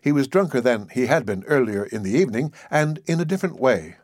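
A man narrating a classic short story in a measured, even reading. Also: mid-range voice, no echo, studio quality. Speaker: audiobook narrator. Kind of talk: scripted narration.

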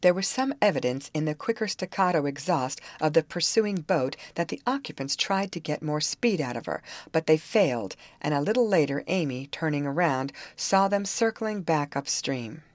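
A woman reading an old novel aloud in measured scripted narration. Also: low-pitched, animated, no room sound. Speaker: audiobook reader.

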